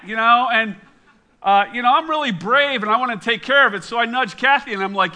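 A middle-aged man, a pastor, running a quiz with his congregation and telling an animated, self-mocking story. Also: extremely high pitch, a little fast.

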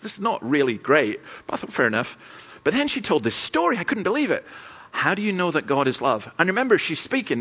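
A man's voice: mid-range voice, a bit bright, dull audio. A man pastor delivering a sermon with humorous, anecdotal storytelling.

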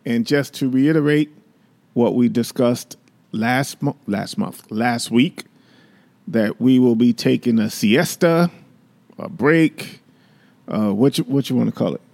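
A man's voice: medium pitch, a little slow, vocal fry, a little mellow. A married man in his fifties co-hosting a podcast with his wife, chatting casually and joking with her. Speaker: podcast co-host. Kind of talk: casual chat.

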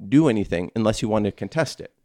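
A man with a low voice explains things in a relaxed podcast chat. He talks earnestly and uses plenty of fillers. The recording is dry and close. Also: fast, no room sound. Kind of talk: casual chat.

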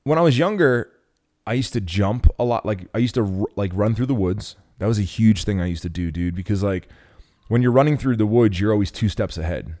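A man hosting a podcast, telling stories in a loose, profane, animated way. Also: lowish voice, a little fast. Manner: profane, rambling, animated storytelling. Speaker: podcast host. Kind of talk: casual podcast chat.

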